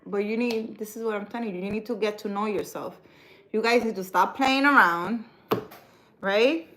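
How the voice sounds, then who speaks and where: A woman chatting live with her viewers in a loose, conversational way. She jokes and teases in one breath and lectures with earnest conviction in the next. Her pitch sits right in the middle, neither high nor low. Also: moderate pace, fairly bright tone, poor audio. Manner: playful and teasing, then earnest and instructive. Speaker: livestream spiritual advisor. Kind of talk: casual livestream chat reading viewer comments.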